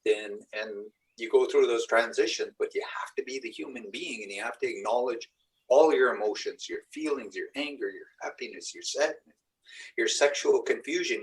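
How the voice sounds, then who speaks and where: A man's voice: mid-range voice, vocal fry, distant mic, low-quality recording. Middle-aged man, spiritual teacher, mid-range voice, loose earnest storytelling to a group. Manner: rambling, earnest storytelling with acted-out quotes. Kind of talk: live group teaching talk.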